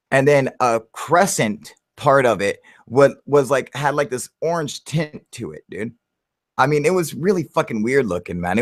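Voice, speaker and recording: A man hosting a casual live chat, excitable and profane, calling everyone dude as he tells a story. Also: medium pitch, no echo, clean studio sound. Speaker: channel host on a livestream.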